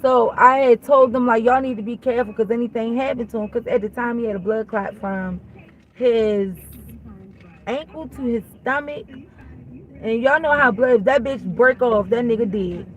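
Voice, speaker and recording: A woman vlog host with a fairly high voice tells a story at normal speed, bluntly and casually, swearing as she goes. She animatedly acts out both sides of a conversation. The audio has its highs cut off.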